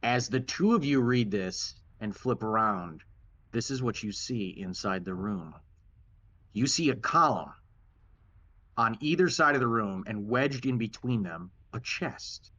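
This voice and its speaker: Man narrating as game master, lo-fi. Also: on the low side. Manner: relaxed, halting narration with restarts. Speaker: dungeon master.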